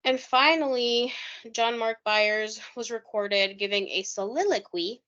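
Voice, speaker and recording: A woman's voice: fairly high pitch, a little slow, sharp tone, dull audio. A woman co-hosting a casual true-crime podcast, chatting loosely with lots of "like" and reading quotes aloud. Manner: chatty, heavy use of "like", reads quotes aloud. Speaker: podcast co-host.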